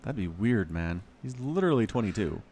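A man's voice: on the low side, sing-song, brisk, darkish tone, husky. An American man co-hosting a podcast in casual chat, teasing and laughing often. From United States. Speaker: podcast co-host.

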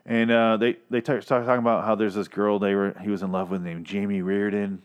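Low-voiced man rambling casually. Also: level tone, brisk, clear, resonant tone. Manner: rambling, profane, many restarts. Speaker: podcast host reviewing a TV episode. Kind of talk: casual review chat.

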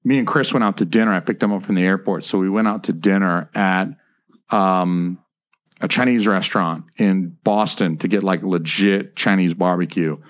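A rambling male podcast host, lower voice. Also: normal speed. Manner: rambling storyteller, lots of "like". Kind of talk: casual chat.

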